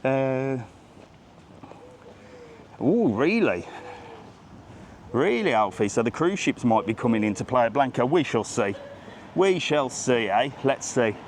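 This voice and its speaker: This travel vlogger speaks slowly and pauses often, his mid-range voice making big pitch swings against slight background noise. Walking a seaside street live on a handheld phone camera, he chats, jokes, and greets the people he passes.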